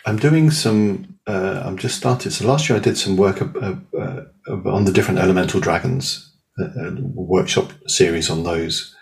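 A man guiding a slow, soothing meditation and telling stories in a lively, casual way. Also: low-pitched, gravelly, poor audio. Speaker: guest, spiritual healer and teacher. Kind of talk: guided meditation and casual storytelling.

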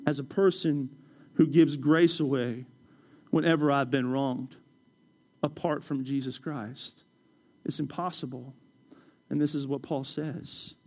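A man preaching a sermon as pastor. He talks conversationally, tells stories and jokes with the congregation. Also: high-pitched. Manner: conversational, storytelling, joking with the congregation.

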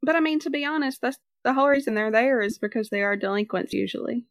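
A woman's voice: a little high, fast talker, no echo, clean studio sound. A woman co-hosting a casual podcast, chatty and picky about details, reading summaries aloud. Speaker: podcast co-host. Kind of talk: casual chat.

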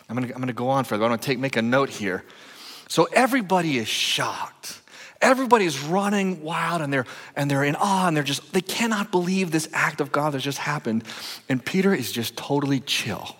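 A man preaching a sermon as pastor, telling stories with lively energy. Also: on the high side, brisk. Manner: animated storytelling, rising to excited shouts. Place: church sanctuary. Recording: long hall reverb.

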